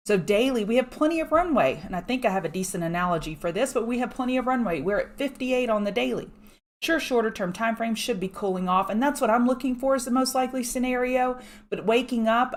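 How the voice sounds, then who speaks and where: A woman in her thirties hosting a casual market livestream, chatty and greeting viewers by name. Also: medium pitch. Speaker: livestream market analyst host.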